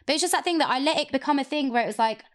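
A young woman telling a personal story candidly in a casual chat. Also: high voice. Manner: candid, rapid, expressive storytelling. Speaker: guest sharing a personal story.

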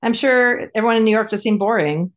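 A woman's voice: on the high side, a little fast. A woman co-hosting a casual recap podcast, chatting in a rambling way with lots of fillers. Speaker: podcast co-host. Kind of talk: casual episode recap chat.

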